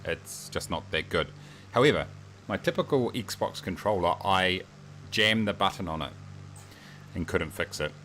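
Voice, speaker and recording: A man's voice: low voice, animated, a little slow, bright, forceful tone, slight background noise. A New Zealand man livestreaming a flight sim, chatting in a rambling, joking, self-mocking way. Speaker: streamer. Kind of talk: casual livestream chat while flying a sim.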